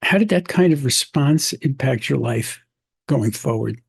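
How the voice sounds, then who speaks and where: A man hosting the show, introducing the episode and asking gentle, measured interview questions. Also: medium pitch, expressive, creaky, husky, dry recording. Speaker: host and interviewer. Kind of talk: calm narration and interview questions.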